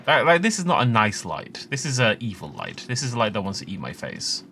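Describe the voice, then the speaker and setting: A man talking through a video game session in a loose, rambling way. His pitch jumps around a lot and his tone is bright, and he laughs often between remarks. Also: sing-song, a little fast, a little hiss or hum. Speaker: let's play host. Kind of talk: casual gameplay commentary.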